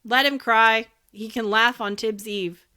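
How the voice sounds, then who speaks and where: A woman voicing a sly, flattering little man who drives a coach in a storybook reading. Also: fairly high pitch, unhurried, clean tone, voice pushed up. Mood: coaxing.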